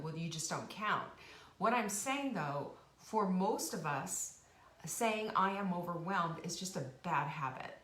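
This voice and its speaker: A woman's voice: mid-range voice, fairly bright tone. Chatty woman hosting an echoey live stream. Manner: chatty, encouraging, many restarts and asides. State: sniffly from dust, coughing now and then. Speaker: host of a cooking and life show. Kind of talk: casual motivational live stream talk. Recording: roomy home live stream, faint hiss.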